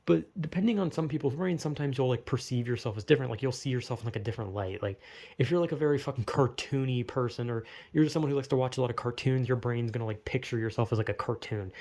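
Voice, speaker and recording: A man's voice: mid-range voice, fast talker, mellow. A young man with a slight Southern US accent, rambling through a casual solo monologue, full of "like" fillers, swearing and laughing at himself. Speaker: podcaster musing solo.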